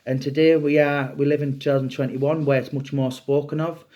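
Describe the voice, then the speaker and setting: A man's voice: fairly high pitch, level tone, a little fast, a little mellow. A middle-aged man, an author, talking in a casual interview with many restarts and fillers. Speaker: author discussing a book subject.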